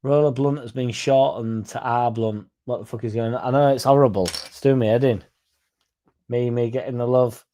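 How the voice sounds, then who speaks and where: A man's voice: medium pitch, moderate pace, warm tone, a little hiss or hum. A young man, chatting casually and swearing as he reads out comments on his fan stream. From England. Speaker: fan channel host reading live chat. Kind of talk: casual live-stream chat.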